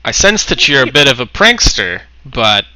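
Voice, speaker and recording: A measured, faintly sneering mercenary leader speaks in a tabletop game, as a man puts him on. The voice is very bright and tight. It is recorded close and dry, with no room sound. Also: medium pitch, big pitch swings, no room sound, poor audio. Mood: wry. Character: wary leader of a mercenary band at a keep. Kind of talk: tabletop role-play.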